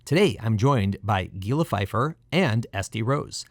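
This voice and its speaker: A man's voice: lowish voice, lively intonation, unhurried, dry recording. A man hosting a podcast interview over a phone call, upbeat and chatty. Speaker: podcast host, doctor.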